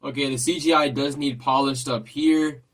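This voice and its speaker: A man's voice: medium pitch, fairly even intonation, normal speed, background noise. A man hosting a casual trailer reaction, rambling and repeating himself as he thinks aloud. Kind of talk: casual chat.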